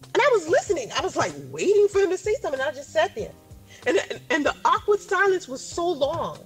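A woman's voice: high-pitched, big pitch swings, quick pace, faint music behind. A woman in her forties casually retelling a conversation, full of "like" and loose fillers. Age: 40s. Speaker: storyteller in a clip. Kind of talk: casual storytelling.

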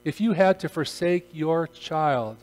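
A man preaching in a church, reading scripture with gravity and rising to loud, dramatic cries on quoted words. His voice sits a bit high for a man, with a long reverberant tail and a faint electrical hum behind it. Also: slow pace. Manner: solemn, dramatic swells in volume on quoted cries. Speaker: pastor. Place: church sanctuary.

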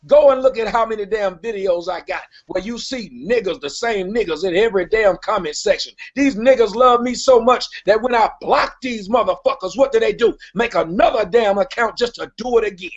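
A man's voice: sits high, brisk, hardly any pauses. A man hosting a live stream who mocks and confronts his critics in a crude, brash way. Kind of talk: profane live-stream rant. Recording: lo-fi stream audio.

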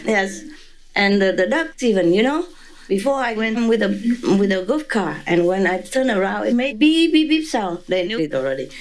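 A woman's voice: medium pitch, expressive, moderate pace, poor audio. A woman being interviewed who tells a story with animation, laughing often and acting out voices and sounds.

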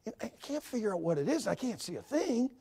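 A man in his sixties preaching a sermon, telling a story and swinging from hushed to shouting. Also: extremely high pitch, very animated, brisk, vocal fry, husky. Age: 60s.

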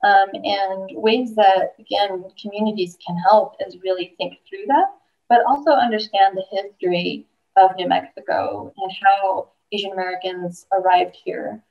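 A woman on a panel talks in a thoughtful, measured way with a gravelly, creaky voice. She sits away from the microphone. The audio sounds dull and muffled. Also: medium pitch, fairly even intonation, recorded from a distance. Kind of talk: panel discussion.

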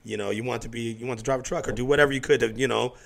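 A man hosting a laid-back interview from his home studio, talking quickly with a gravelly rasp. He tells loose, profane stories and slips into impressions of the people in them. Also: medium pitch, fairly even intonation, a bit bright. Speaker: podcast host. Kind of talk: casual interview chat.

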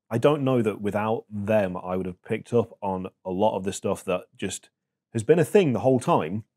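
A man in his thirties, a podcast guest talking in a reflective, halting way with many fillers. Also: lowish voice, warm tone. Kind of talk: casual chat.

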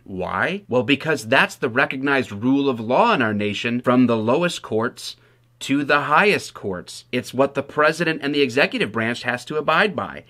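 Wry cop chatting to camera. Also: male voice, mid-range voice, pushed and bright. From Michigan. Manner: wry, sarcastic asides. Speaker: police officer, video host. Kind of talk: casual commentary to camera.

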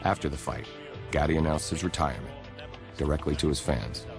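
A male documentary narrator with an extremely deep, low voice. He reads his lines in a measured, even, scripted way while a music score plays clearly underneath.

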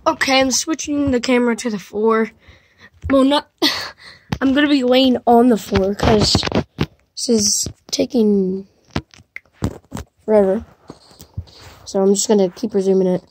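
A woman giving casual commentary to herself while playing a game, excitable and chatty. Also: on the high side, measured pace, long pauses, a little hiss or hum. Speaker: gamer streaming gameplay. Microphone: device mic while playing on a tablet.

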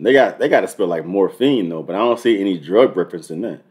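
A young man hosting a music reaction video, talking in loose, profane slang and thinking out loud with frequent restarts. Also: sits low, animated, fast, hardly any pauses. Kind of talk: casual reaction commentary.

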